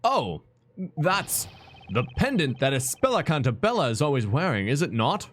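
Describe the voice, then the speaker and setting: A man's voice: medium pitch, sing-song, moderate pace, a bit bright. A man streaming a game, reading the dialogue aloud and bantering playfully. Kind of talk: live let's-play commentary and reading dialogue.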